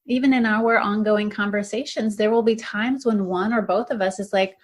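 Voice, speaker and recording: A woman speaking as a podcast guest, calmly and earnestly explaining ideas. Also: medium pitch, moderate pace. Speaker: guest author. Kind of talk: casual interview chat.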